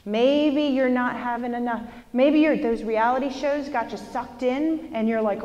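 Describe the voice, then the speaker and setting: A woman's voice: a little high, measured pace, few pauses, lo-fi sound. Chatty woman leading a seminar in a hall. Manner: lively, chatty, asks the audience questions. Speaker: workshop presenter. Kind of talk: motivational seminar talk. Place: lecture hall with an audience.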